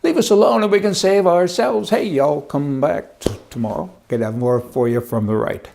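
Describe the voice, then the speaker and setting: A man's voice: on the high side, moderate pace, gravelly, a little mellow, a little hiss or hum. A man giving a sarcastic, exasperated political commentary rant. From Canada.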